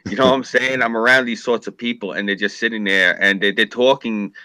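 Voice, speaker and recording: A fairly low-pitched man rants in casual political chat, swearing freely and slipping into mocking impressions of people he dislikes. His voice is bright and forceful, and it is recorded close and dry with no room sound. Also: steady tone, normal speed, no echo. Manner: profane, ranting, mocking impressions. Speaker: podcast co-host, former journalist.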